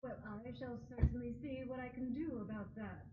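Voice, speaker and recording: Prim, formal game lady, voiced by a woman, polite and accent-drifting, muffled sound with a loud rumble behind. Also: steady tone, moderate pace, echoey room, natural voice. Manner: formal and courteous, shifting accents. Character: genteel, proper female game resident, polite. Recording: dull game audio over a rumble.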